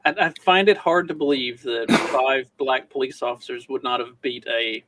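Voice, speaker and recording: A man hosting a casual podcast and running clips, with wry deadpan asides. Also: mid-range voice, moderate pace, no room sound, rough recording. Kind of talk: casual chat.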